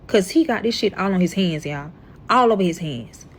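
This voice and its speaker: A young woman telling a dramatic storytime to her viewers in a casual, animated way, swearing often. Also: mid-range voice, normal speed, slight background noise. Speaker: storyteller reacting to her own past.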